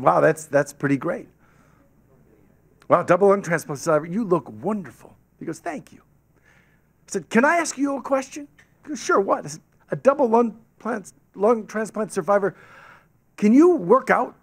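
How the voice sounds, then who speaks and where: His voice sits high and comes at a moderate pace with a slight roughness. As a guest speaker at a club, he narrates a story into a podium microphone before a hall audience, animatedly acting out the people he quotes.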